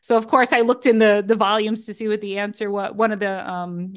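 A woman's voice: medium pitch, little pitch movement, fairly quick. A woman on a discussion panel, earnest and conversational, giving friendly practical advice. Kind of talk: casual discussion.

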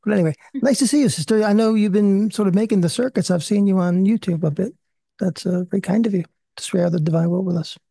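A man's voice: high voice, quick pace, vocal fry, dark tone, dry recording, studio quality. A man hosting a casual discussion, chatty and self-deprecating, often restarting his sentences.

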